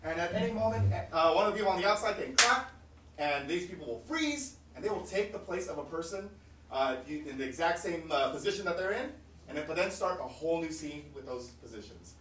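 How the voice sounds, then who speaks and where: A man's voice: on the high side, expressive, brisk, fairly bright tone. A man hosting a live improv comedy show, playful and explaining the game with many fillers. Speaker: improv host. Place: small theater stage. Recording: echoey stage room, mic from far off, faint noise.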